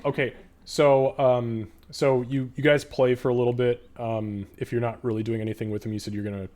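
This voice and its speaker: Man, game master, relaxed narration, mid pitch, casual. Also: a little fast. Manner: relaxed, many fillers, laughs.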